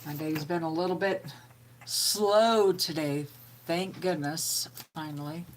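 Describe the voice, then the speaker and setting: A woman in middle age talks slowly and easily on a home live stream. Her voice sits a little low and homey. A faint hum of room noise runs behind her. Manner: slow, homey and chatty, reading out viewer comments. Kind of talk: casual live-stream chat.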